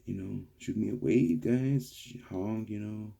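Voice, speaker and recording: A man's voice: on the low side, slow pace, gravelly, warm tone, slightly rough. A young man rambling casually to viewers in a garage vlog, calling them guys. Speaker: car vlogger. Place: home garage workshop.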